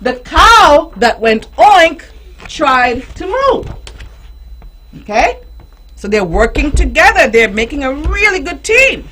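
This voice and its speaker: Lively high-voiced woman reading to a child. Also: slow pace. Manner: gentle, questioning, playful with animal sounds. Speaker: host reading a picture book to a child. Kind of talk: storybook reading with teaching questions. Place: radio studio.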